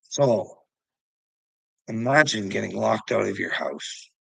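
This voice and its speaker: A man's voice: lowish voice, expressive, takes it slowly, vocal fry, slightly rough, no echo, rough recording. A middle-aged man delivering an agitated, profane vlog rant. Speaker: vlogger. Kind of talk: ranting vlog monologue.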